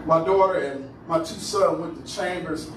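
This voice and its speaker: A man pastor with a Cleveland, Ohio accent preaching a call-and-response sermon, climbing into shouted, drawn-out phrases. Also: a little high. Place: church sanctuary. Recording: echoey church hall from far off, noisy.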